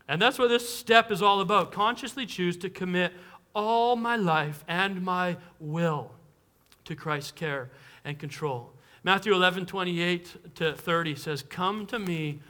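High-voiced, bright man preaching a sermon. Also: unhurried. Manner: earnest storytelling with many restarts, rising to excited peaks. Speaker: pastor.

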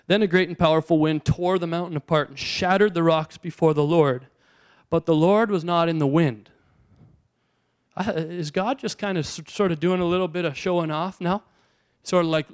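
A pastor delivers his sermon in a high, resonant voice. He keeps it conversational, turning to the listeners again and again with rhetorical questions. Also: moderate pace, smooth.

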